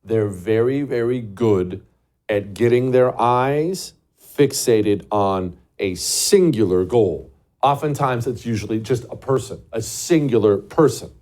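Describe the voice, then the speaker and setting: A man's voice: medium pitch, expressive, slow, darkish tone. A man hosting a show, delivering a scornful, emphatic political commentary monologue full of rhetorical questions. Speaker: show host.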